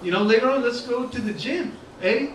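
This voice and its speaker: A man's voice: sits high, expressive, takes it slowly, bright, forceful tone, roomy sound, far from the mic, slight background noise, pitched above the performer's own voice, heavily acted. A man putting on the heavy accent of his laid-back buddy, a young guy who is always hungry and says bro.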